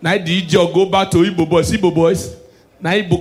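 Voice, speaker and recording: High-voiced Nigerian man doing stand-up. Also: fast talker. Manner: excitable, shouts punchlines, switches to Pidgin. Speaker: stand-up comedian. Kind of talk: live stand-up comedy.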